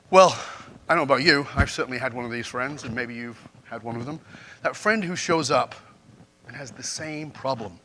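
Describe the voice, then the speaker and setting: A man speaks at a conference in a bright, forceful voice pitched a little high. He tells stories and keeps checking in with the audience. His talk has the steady drive of a motivational keynote. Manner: storytelling, asks the audience questions. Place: conference stage before a live audience.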